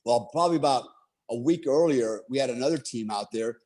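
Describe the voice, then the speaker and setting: A middle-aged American man, a military veteran, telling a war story in a casual interview, animated and swearing freely, laughing along as he talks. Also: medium pitch, fairly quick.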